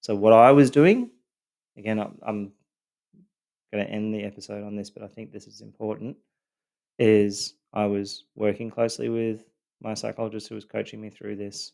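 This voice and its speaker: Earnest, hesitant man, lowish voice. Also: steady tone, moderate pace, creaky, darkish tone. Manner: earnest, hesitant, many fillers and repeated words. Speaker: podcast host telling his own story. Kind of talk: loosely scripted personal monologue.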